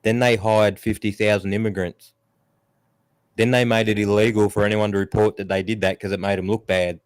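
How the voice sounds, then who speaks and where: Blunt, swearing man, low voice. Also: little pitch movement, brisk, smooth, no room sound. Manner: blunt and heavily profane, ranting; mocks others in raised put-on voices. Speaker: streamer. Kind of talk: casual chat.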